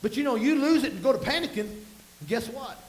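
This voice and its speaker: A man's voice: very high-pitched, animated, brisk. A man with a drawl preaching a folksy, storytelling sermon to his congregation, with emphatic bursts. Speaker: pastor. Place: church sanctuary. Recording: echoey room with faint hiss.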